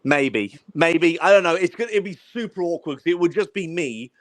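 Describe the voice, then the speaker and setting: A man's voice: a little high, animated, brisk, no room sound. A man from southern England with a Southern English accent, chatting bluntly on a casual livestream and swearing offhandedly.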